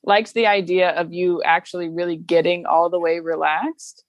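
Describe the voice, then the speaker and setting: A woman's voice: on the low side, normal speed, dry recording. A woman comedian chatting as a podcast guest, telling stories with frequent laughter. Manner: laughs often, animated storytelling. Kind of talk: casual podcast chat.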